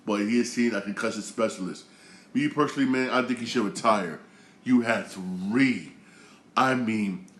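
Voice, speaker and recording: A man's voice: on the low side, roomy sound. A man hosting his own show, rambling through a casual sports rant with many fillers and taunts. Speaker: show host.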